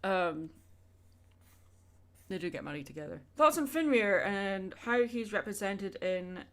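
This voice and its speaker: A woman's voice: medium pitch, lively intonation, measured pace, fairly bright tone. A young woman chatting casually with her viewers during a drawing livestream, rambling and answering questions as she goes. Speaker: art streamer.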